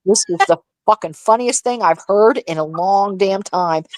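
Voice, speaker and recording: A woman co-hosting a casual livestream chat, telling gossip in an animated, profane, laughing way. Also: medium pitch, normal speed, no room sound. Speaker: livestream co-host.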